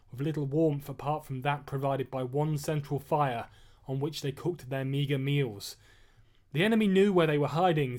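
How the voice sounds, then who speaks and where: A man reading a chapter of his own novel aloud on a live stream, measured and steady, after a casual greeting. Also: a little high. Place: at home. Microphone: webcam or phone mic.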